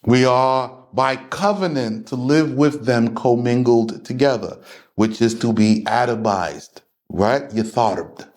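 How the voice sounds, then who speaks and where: Confrontational male preacher, slow delivery. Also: medium pitch, a little mellow. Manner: emphatic, confrontational, lecturing. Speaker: religious class teacher. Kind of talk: preaching lecture to a class.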